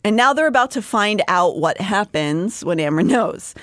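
A woman's voice: mid-range voice, expressive, normal speed, fairly bright tone, dry recording, clean studio sound. A woman co-hosting a podcast, casually summarizing the plot of a novel and laughing often. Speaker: podcast co-host. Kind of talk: casual book discussion.

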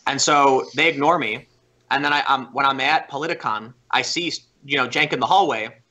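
A man talking as a podcast guest, telling a story in animated, casual chat full of "like" and restarts. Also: mid-range voice, moderate pace.

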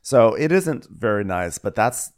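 A man with a lowish voice co-hosting a podcast. He chats casually and slips into put-on voices when he quotes people. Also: big pitch swings, a little slow, clear, resonant tone. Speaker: podcast co-host. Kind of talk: casual recap chat.

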